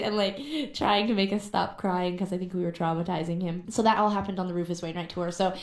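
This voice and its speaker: A woman's voice: on the low side, steady tone, fairly quick, hardly any pauses, echoey room. A young adult woman, a musician, telling stories in a casual radio interview with many fillers. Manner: chatty storyteller, many fillers. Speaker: musician guest. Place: radio studio.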